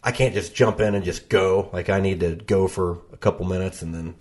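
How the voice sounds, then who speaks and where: A man's voice: low voice, fairly even intonation, a little fast, darkish tone. A man chatting as a podcast guest, joking at his own expense and laughing often. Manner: self-deprecating, storytelling, laughs often. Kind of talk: casual chat.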